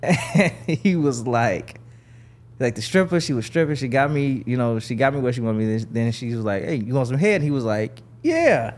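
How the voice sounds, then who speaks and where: A young man from Chicago, a podcast guest, telling stories in casual chat and acting out the people he quotes. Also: normal speed. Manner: animated storyteller, acts out quoted people in a higher voice.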